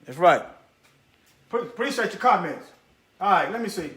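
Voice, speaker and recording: A man with a very high, bright, sharp-edged voice gives preachy commentary straight to his viewers. He hammers points home by repeating short phrases and drops into muttered asides while hunting for things on screen. The sound bounces around a roomy, echoey space. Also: sing-song, moderate pace. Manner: repeats phrases for emphasis, talks directly to viewers.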